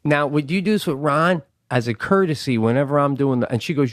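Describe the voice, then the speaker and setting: A man's voice: on the high side, brisk, few pauses, no room sound, studio quality. A man co-hosting a podcast, telling a story in casual comedic style, swearing freely and acting out the people he quotes. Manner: animated, swears freely, acts out quoted voices. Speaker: podcast co-host.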